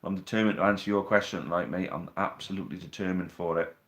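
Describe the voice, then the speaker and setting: Male host, slightly low voice, casual banter with viewers, phone mic at home. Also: fast talker, a bit bright. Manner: chatty, reads out viewer questions, teasing banter. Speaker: live stream host. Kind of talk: casual live stream chat. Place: living room at home. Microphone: phone on a tripod.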